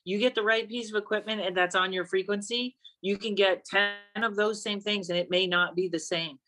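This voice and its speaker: Chatty woman guest telling lively stories. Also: mid-range voice, normal speed, soft background music. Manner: animated storyteller, playful and chatty. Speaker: psychic guest. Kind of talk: casual conversational chat.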